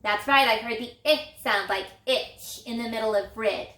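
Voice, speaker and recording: A woman teaching an early reading lesson to young children, patiently stretching out and repeating vowel sounds in a clear, encouraging way. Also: on the high side, moderate pace, bright, forceful tone. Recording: echoey room.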